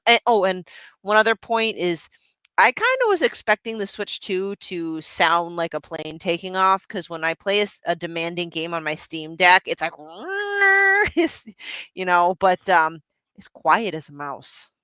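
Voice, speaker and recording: A middle-aged woman in casual podcast chat, bright and forceful in tone with a smooth, clear voice. She talks in an animated, chatty way, restarting sentences and laughing. The mic is close and dry. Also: lowish voice, normal speed, no echo. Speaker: podcast co-host.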